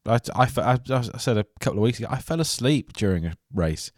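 A man's voice: medium pitch, expressive, fast, a little mellow, dry recording, studio quality. A man hosting a podcast in casual chat, who laughs easily and moves the talk along. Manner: laughs easily, leads the segments. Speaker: podcast host.

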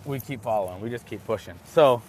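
A young man casually telling a story, rambling and excitable, with many restarts and fillers. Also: mid-range voice, a little fast, slight background noise.

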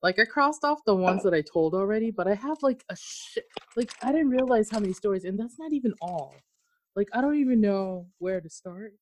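A woman's voice: mid-range voice, lively intonation, a little fast, darkish tone, slight background noise. A woman hosting a podcast, chatting casually and expressively, often breaking into laughter. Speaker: podcast host. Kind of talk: casual chat.

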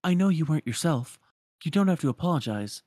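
A spirited young heroine, put on by a man, her pitch lifted high above his usual voice. She chides firmly but gently. The voice is recorded dry and close. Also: expressive, quick pace, no echo. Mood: gently chiding.

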